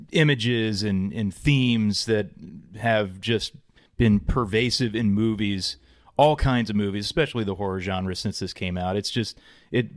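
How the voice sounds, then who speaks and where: A man on a movie podcast panel, speaking hesitantly with many repeats and pauses. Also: fairly low pitch. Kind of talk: casual movie podcast chat.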